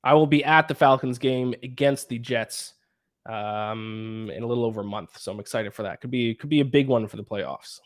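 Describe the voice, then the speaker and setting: A man's voice: mid-range voice, moderate pace. A man with a Canadian accent hosting a casual sports podcast, reeling off schedules and betting odds in an analytical way. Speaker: podcast host.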